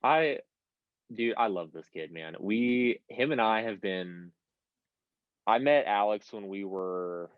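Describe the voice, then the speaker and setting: A man's voice: on the low side, lively intonation, takes it slowly, clean tone, no echo. Rambling, swearing young man, dull dry sound. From United States. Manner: rambling storyteller, swears freely. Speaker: podcast guest. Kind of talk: casual podcast chat.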